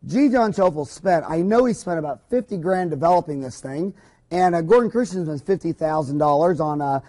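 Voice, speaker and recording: A man's voice: on the high side, animated, brisk, mellow. A man, a dentist, giving an informal recorded lecture to other dentists, talking in an emphatic, folksy, rambling way with many asides.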